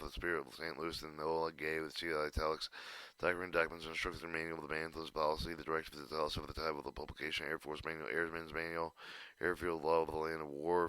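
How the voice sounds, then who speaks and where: A man reading a writing style guide aloud, halting and stumbling over words with restarts. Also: extremely low pitch, pushed and bright, no room sound.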